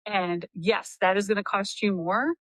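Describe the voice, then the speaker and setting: A middle-aged woman co-hosting a podcast, explaining her view in a measured casual chat. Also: mid-range voice, fairly even intonation, fairly bright tone, no room sound, rough recording. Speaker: podcast co-host.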